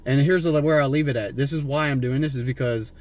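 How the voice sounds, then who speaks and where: A fast-talking Las Vegas man with a steady, darkish, medium-pitched voice rambles to a stranger from inside his car. He is a vlogger recording a street encounter on a handheld camera, and his story is full of swearing, fillers, and restarts.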